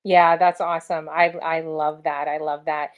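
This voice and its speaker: A woman hosts a casual conversation, her voice sitting low and steady. She rambles and restarts, trailing through fillers as she works her way toward each question. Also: moderate pace, smooth, muffled recording. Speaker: interviewer and show host.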